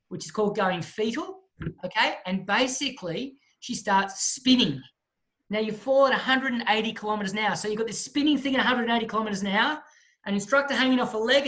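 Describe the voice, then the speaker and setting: A man, a guest speaker telling a lively story in a talk and acting out the people in it. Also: very high voice, a little fast. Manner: lively storyteller who acts out the voices of the people in his story.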